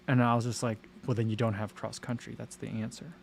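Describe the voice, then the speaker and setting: A man's voice: medium pitch, fast, creaky, a little mellow. Chatty man rambling to his livestream chat. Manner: chatty and rambling, many fillers and self-interruptions. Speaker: livestream host reading chat.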